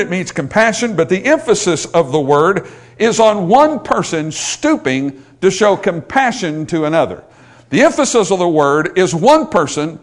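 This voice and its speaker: A male pastor preaching a sermon, building in intensity and pleading when he quotes scripture. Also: high voice.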